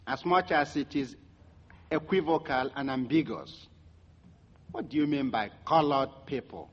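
A man's voice: on the high side, a bit bright, lo-fi sound. A man speaking as an anthropologist, giving a public talk full of stories. He is wry and acts out the quoted dialogue. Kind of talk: public speech with storytelling.

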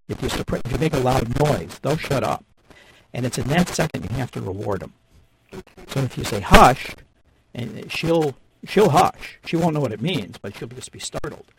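Gravelly man explaining dog training. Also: medium pitch. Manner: animated, acts out dog and owner voices. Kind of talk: radio call-in chat. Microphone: too close to the mic. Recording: noisy radio studio mic.

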